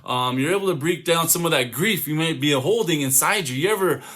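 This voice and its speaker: A man who is a comedian, giving a motivational talk to young people over a video call, telling stories with lively acted-out quotes. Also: a little high, fairly quick. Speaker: comedian and youth speaker. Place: home, online summit.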